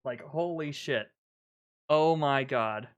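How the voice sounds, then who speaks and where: A man's voice: mid-range voice, slow. Ecstatic swearing streamer man. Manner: ecstatic, swearing, gushing fanboy. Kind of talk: live trailer reaction.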